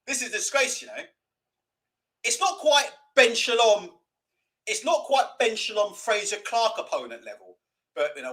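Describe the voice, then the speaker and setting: A young man hosts a live boxing watch-along, mocking and sweary. His voice sits high and swings widely in pitch. It has a bright, sharp edge. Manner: sweary, mocking, laughs a lot. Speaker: livestream host.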